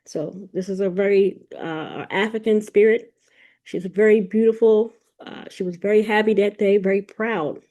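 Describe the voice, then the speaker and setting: A podcast host tells of a spiritual vision in a rambling, casual monologue, often repeating words and restarting sentences. Her medium-pitched voice is warm and steady, at a normal speed.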